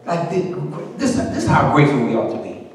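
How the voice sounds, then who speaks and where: A male pastor preaching a sermon in a church, building up to shouts in a call-and-response style. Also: mid-range voice, very animated, a little fast, recorded from a distance, a little hiss or hum. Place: church sanctuary. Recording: echoey church hall, mic from afar.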